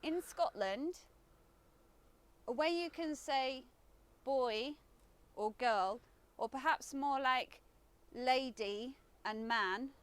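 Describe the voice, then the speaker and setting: A woman giving an instructional lesson, explaining words in a careful, deliberate way. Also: sits high, a bit bright, smooth. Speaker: language teacher.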